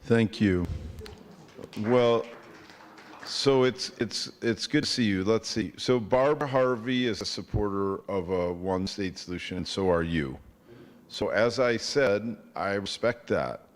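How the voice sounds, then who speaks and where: A man answering an audience question at a live event, thinking aloud in a hesitant way with many pauses. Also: on the low side, long reverb tail.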